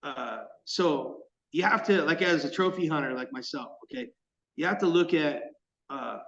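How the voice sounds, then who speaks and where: With a gravelly, fairly high voice at a moderate pace, a California lure maker guests on a podcast and tells stories in casual talk. He acts out the quoted exchanges with animation, captured from a distance with the highs cut off.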